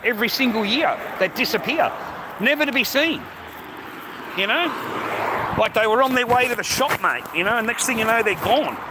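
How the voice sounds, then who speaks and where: An Australian man livestreaming outdoors, rambling to his viewers, swearing heavily and calling everyone mate. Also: very high voice. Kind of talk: casual livestream chat to viewers. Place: outdoors on a street. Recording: outdoor street noise, passing traffic.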